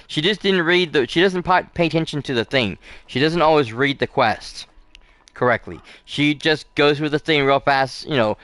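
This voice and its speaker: Host, male, casual gameplay chatter, rambling with fillers, smooth resonant voice. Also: on the high side, normal speed, a bit bright, no room sound. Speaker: gaming channel host. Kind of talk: casual let's play commentary.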